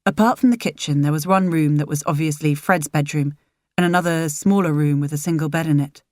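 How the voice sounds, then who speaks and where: A woman reading a novel aloud in a measured, even way. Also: low voice, no echo, studio quality. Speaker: narrator. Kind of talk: audiobook narration.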